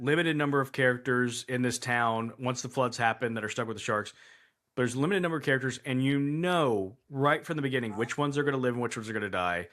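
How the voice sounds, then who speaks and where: A man's voice: medium pitch, a bit bright. A man co-hosting a casual movie review chat, rambling and restarting his sentences, incredulous at bad writing. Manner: rambling, self-interrupting, incredulous. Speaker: podcast co-host.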